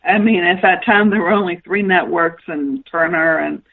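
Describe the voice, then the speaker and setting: A woman's voice: fairly low pitch, normal speed, phone-quality sound. A woman guest author telling anecdotes in a radio interview and acting out the dialogue she quotes. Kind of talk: storytelling interview.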